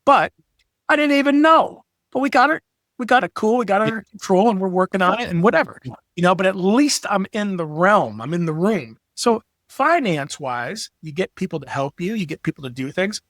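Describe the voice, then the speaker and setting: Middle-aged guy, high voice, super animated and swears a lot, acts out stories, dry close mic. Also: a little fast, no echo. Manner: animated storyteller, profane, acts out quotes. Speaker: podcast guest, graphic designer. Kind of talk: casual chat.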